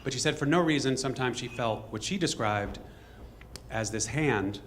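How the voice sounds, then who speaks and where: A man telling a true story on stage to a live audience in a fast, conversational way, acting out bits of dialogue. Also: medium pitch, slight background noise.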